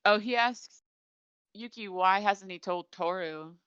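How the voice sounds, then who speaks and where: A woman's voice: mid-range voice, a little slow, fairly bright tone, clean tone, no room sound. A young woman hosting a podcast, animatedly retelling an anime episode with frequent giggles. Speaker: podcast host. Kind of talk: casual chat recapping an anime episode. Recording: dull lo-fi audio.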